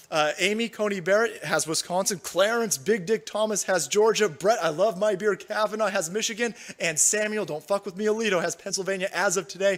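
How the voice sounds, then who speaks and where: A man's voice: high-pitched, a bit bright. A man hosting a political commentary livestream, swearing, mocking and laughing as he reads chat. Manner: profane, mocking, laughs often. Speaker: livestream host.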